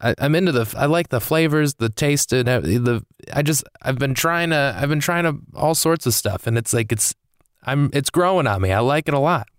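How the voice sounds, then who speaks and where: A man's voice: medium pitch, normal speed, clean tone, no room sound, studio quality. A comedian hosting his own podcast, ranting casually and with exasperation, swearing and rambling through a comic monologue.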